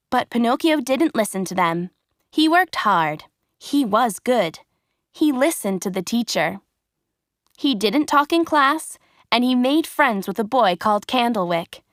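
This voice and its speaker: Lady reading a kids storybook, real slow and clear, kinda high voice, dry close sound. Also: no echo. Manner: clear, expressive, carefully paced. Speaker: storybook narrator.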